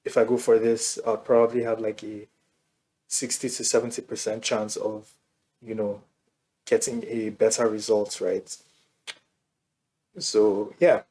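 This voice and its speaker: A man's voice: lowish voice, little pitch movement, measured pace, pauses often, dark tone, slightly rough. A man hosting a reaction video, giving laid-back casual commentary and chuckling between remarks.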